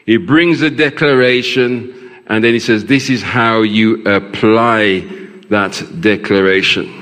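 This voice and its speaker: Slow-preaching man in echoing church. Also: medium pitch, a bit bright. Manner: preaching, asks the congregation questions. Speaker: pastor. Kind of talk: sermon. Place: large church. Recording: long hall reverb in church.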